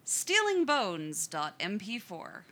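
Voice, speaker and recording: Woman, story narration, slow unhurried delivery, bright voice, lively pitch. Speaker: story reader. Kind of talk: audiobook narration of fan fiction.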